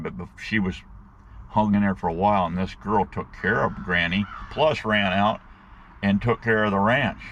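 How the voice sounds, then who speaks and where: A man with a somewhat low, gravelly voice tells a long story in a loose, animated way. He talks to his viewers as guys and uses folksy slang. Faint outdoor noise and passing vehicles sit behind him. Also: lo-fi sound. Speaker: vlogger telling stories to his viewers. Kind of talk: rambling casual storytelling.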